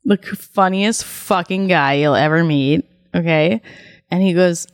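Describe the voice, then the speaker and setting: A woman's voice: fairly low pitch, a little slow, clear, resonant tone, dry recording, clean studio sound. A woman tattoo artist chatting on a podcast, laughing often and swearing freely. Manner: giggly, swears a lot. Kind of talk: casual podcast chat.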